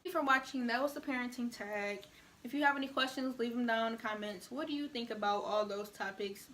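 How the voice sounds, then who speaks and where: A woman's voice: fairly high pitch, brisk, a bit bright, slight background noise. A young woman, giving her opinions in a frank, conversational way on a casual vlog. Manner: frank, conversational, many "you know" asides. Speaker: vlogger.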